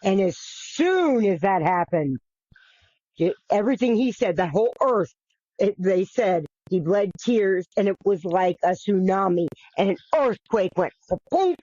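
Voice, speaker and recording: In a mid-range, slightly mellow voice, a podcast host gives a casual, earnest retelling of a bible story, stumbling into frequent restarts and repetition and swearing occasionally. The lo-fi recording is dull and dry.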